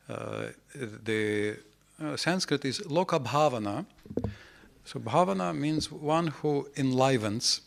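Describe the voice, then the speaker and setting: Guy giving a loose scripture class, middle pitch, lots of uhs and restarts, asks the room questions. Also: gravelly, fairly bright tone. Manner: rambling, many fillers and restarts, rhetorical questions to the audience. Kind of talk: informal scripture lecture. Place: temple hall before a small audience.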